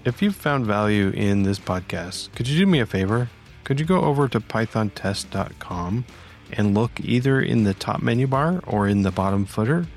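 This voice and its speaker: A man's voice: lowish voice, expressive, normal speed. A man hosting a podcast and interviewing a guest, sounding upbeat and eager. His voice rises and falls a lot as he talks, and faint music plays behind him at the start. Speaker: podcast host.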